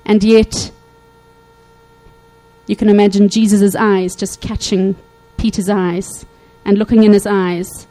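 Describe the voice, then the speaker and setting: A woman preaching a sermon to her congregation, animated, acting out Bible quotes and checking in often with her listeners. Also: mid-range voice, takes it slowly, poor audio. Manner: animated, acts out quotes, frequent "okay?" check-ins.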